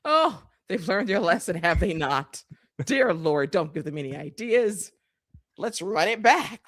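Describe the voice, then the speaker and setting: A woman's voice: fairly low pitch, a little slow, dry recording, clean studio sound. Sarcastic woman recapping wrestling. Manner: animated, sarcastic, profane. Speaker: podcast co-host.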